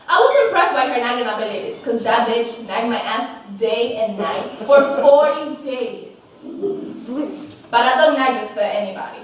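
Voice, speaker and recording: A woman playing a brash, foul-mouthed, street-talking woman saint with swaggering slang, performed loudly on a college theater stage. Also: on the high side, a little hiss or hum, natural voice. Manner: loud, taunting stage delivery. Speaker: stage actor. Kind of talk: live stage monologue. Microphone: far camera mic. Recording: echoey stage from far off.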